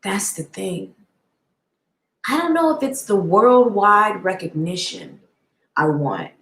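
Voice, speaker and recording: Woman doing a live stream, slow and heartfelt, talking right to viewers, echoey room. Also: medium pitch, very animated. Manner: heartfelt, talks straight to viewers and answers their comments. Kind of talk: casual live-stream chat.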